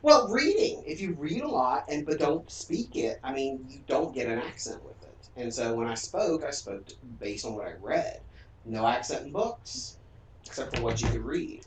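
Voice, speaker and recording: A man's voice: mid-range voice, very animated, normal speed. A man from Central Virginia, chatting and telling stories while streaming a game with friends. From Central Virginia, USA. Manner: chatty, storytelling, joking. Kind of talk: casual chat during a game stream. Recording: roomy, distant mic, faint room hum.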